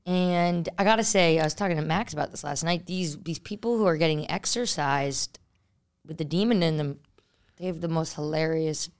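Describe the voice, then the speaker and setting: A woman's voice: sits low, normal speed, smooth. A woman hosting a comedy podcast, chatting in a rambling way and laughing often. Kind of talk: casual podcast chat.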